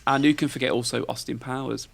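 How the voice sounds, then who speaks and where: A man's voice: medium pitch, fairly even intonation, quick pace, creaky. A man, hosting a podcast in casual, rambling chat and tossing questions to his co-host. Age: 40s.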